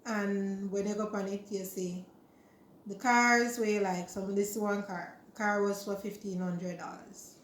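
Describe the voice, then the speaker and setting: A woman's voice: medium pitch, measured pace, slight background noise. Jamaican lady chatting away, tells it like a story, roomy echo behind her voice. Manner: chatty, animated retelling in Jamaican Creole. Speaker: vlogger. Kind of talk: casual storytelling chat.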